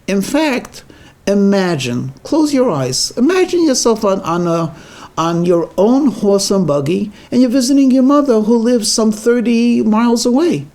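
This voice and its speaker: A man's voice: high-pitched, lively intonation, a little slow, a little mellow, voice pushed up. A man voicing an ambitious, scheming village husband who talks insistently about grand plans. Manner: insistent, grandly planning, bursts into anger.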